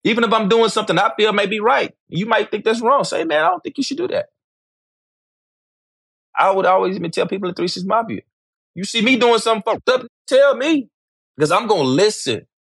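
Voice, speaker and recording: A man's voice: high-pitched, fast talker, fairly bright tone, slightly rough, dry recording, clean studio sound. A middle-aged man, speaking candidly as an interview guest, emphatic and repetitive, swearing freely.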